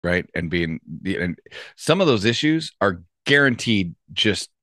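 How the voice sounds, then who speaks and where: A man in casual chat, reflective and measured, speaking from his own experience. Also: low voice, sing-song, bright, forceful tone, no echo, studio quality.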